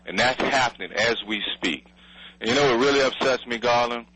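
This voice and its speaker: A man's voice: fairly low pitch, brisk, sharp tone, breathy edge, poor audio. A man, angry and blunt in a radio interview, swearing and pleading for help. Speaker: city official interviewed by radio. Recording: radio broadcast audio.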